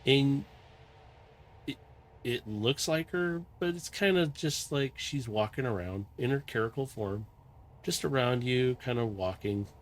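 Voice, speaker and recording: Man calmly narrating a game scene. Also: mid-range voice, a little slow, a little hiss or hum. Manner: calm, descriptive, meandering narration. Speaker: game master.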